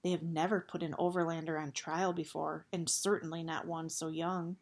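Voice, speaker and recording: A woman's voice: deep voice, little pitch movement, moderate pace. Woman voicing Eris, a grave, formal male bat. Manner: formal, stiff speech without contractions. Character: grave guilt-ridden male bat warrior.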